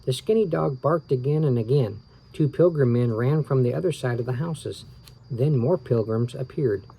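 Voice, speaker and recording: A man reading a children's book aloud, relaxed and tired, stopping for small asides and rereading his slips. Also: mid-range voice, moderate pace, vocal fry, slightly rough, rough recording. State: tired, yawning. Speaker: reader of children's books.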